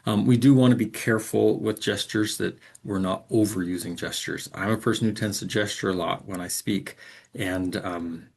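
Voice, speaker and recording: A man with a fairly low, gravelly voice that carries a husky edge. He explains things in a measured lecturing way and pauses often on "um". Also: fairly even intonation, darkish tone. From English speaker. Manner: measured, explanatory, frequent "um" fillers. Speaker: instructor. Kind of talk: recorded lecture.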